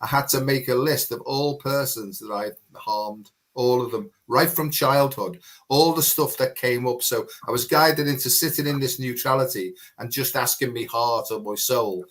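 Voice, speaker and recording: A man in candid conversation, his speech looping and frank, full of asides and "you know". He speaks at a middle pitch with an ordinary, conversational delivery. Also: normal speed, hardly any pauses, fairly bright tone. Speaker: guest.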